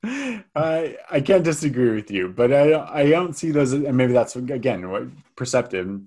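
A man's voice: mid-range voice, big pitch swings, unhurried, mellow. A man co-hosting a film review podcast, chatting casually and hesitantly, with lots of fillers and restarts. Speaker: podcast co-host.

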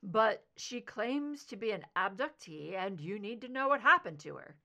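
A woman reader voicing a gentle, concerned male friend who talks in a measured, probing way. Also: medium pitch, big pitch swings. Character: gentle, concerned man, old family friend.

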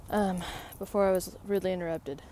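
A woman's voice: lowish voice, fairly even intonation, brisk, dark tone. A woman around thirty, vlogging casually on a walk in a park, with rambling, wry, self-mocking asides. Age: 30s. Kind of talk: casual vlog while walking a dog. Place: outdoor park. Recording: faint outdoor noise.

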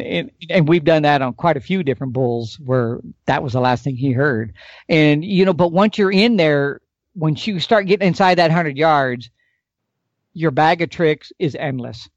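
Guy on a podcast getting all fired up, kinda high voice, dry dull sound. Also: no echo. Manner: excited, emphatic, demonstrates elk calls with his mouth. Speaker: podcast guest, elk calling expert. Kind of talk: animated podcast storytelling.

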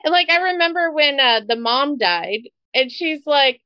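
A woman chatting casually as a co-host, telling animated stories and acting out quotes with laughs. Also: high-pitched, moderate pace, few pauses, clean tone, no room sound, lo-fi sound. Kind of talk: casual chat.

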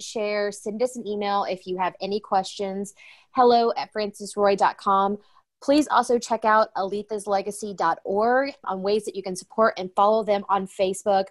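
A woman hosting an interview, reacting with enthusiasm and wrapping up the show for the audience. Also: medium pitch. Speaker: host.

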